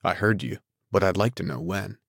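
Man doing an arrogant rich bully, deep, sneering, snappish, dry sound. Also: moderate pace, creaky, fairly bright tone, slightly rough, no echo, exaggerated voice. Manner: incredulous, insulting, snapping.

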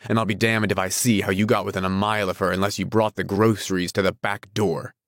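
A man's voice: lowish voice, flat delivery, quick pace, no room sound, studio quality, lightly acted. A man voicing an arrogant wealthy husband who speaks in an incredulous, insulting, snapping way. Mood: scornful.

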